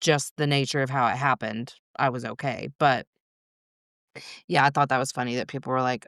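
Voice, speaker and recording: Frank middle-aged woman, smooth voice. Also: a bass voice, fairly even intonation, moderate pace, a bit bright, no room sound, studio quality. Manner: frank, swears often, laughs through hard moments. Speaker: podcast guest. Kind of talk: candid conversational storytelling.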